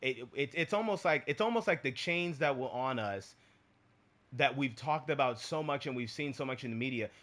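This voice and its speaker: A man's voice: mid-range voice, animated, moderate pace, a bit bright. A man co-hosting a casual live-streamed talk show, earnest and given to repeating his points for emphasis. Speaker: podcast co-host.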